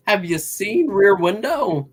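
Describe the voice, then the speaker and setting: A man's voice: sits high, husky, rough recording. An American man co-hosting a live fan podcast, playful and giggly in casual chat. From United States. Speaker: podcast co-host.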